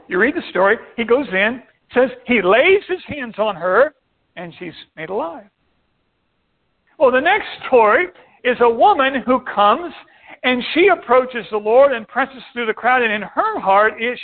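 High-voiced man preaching over a tinny line. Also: normal speed. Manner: animated preaching, acting out the voices of people in the stories. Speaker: pastor. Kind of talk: sermon. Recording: tinny phone-like sound.

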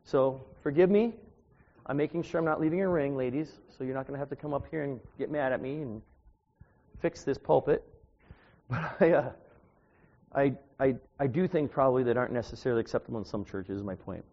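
A man's voice: medium pitch, fairly quick. Man in his 60s preaching in an echoey church. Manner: informal, self-deprecating, chatty asides to the congregation. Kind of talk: conversational sermon with personal stories. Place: church, at the pulpit. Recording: dull, echoey church recording.

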